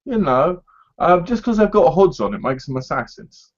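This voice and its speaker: A man's voice: fairly high pitch, very animated, normal speed, lo-fi sound. A man co-hosting a casual chat about games, rambling and tagging his sentences with "right?" and "you know". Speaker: co-host.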